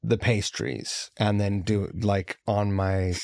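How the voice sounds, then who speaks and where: A man's voice: lowish voice, flat delivery, slow, a little mellow, dry recording, clean studio sound. A man hosting a podcast, chatting casually and swearing freely with a guest. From Seattle. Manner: laid-back, profane, chatty. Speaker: podcast host. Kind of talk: casual chat.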